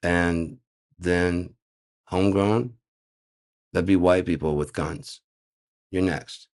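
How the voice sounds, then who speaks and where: A man's voice: low-pitched, fairly even intonation, slow pace, a little mellow. A man ranting in a casual monologue, sarcastic, profane and rambling. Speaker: host.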